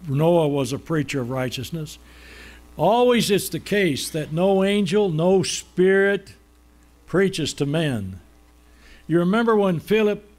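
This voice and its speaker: With a fairly high pitch, this man preaches by asking questions and answering them, decelerating on the words that matter most.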